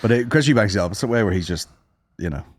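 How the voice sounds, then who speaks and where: A young Northern Irish man co-hosting a podcast, telling animated, sweary stories in casual chat. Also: lowish voice, fast, no echo. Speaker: podcast co-host.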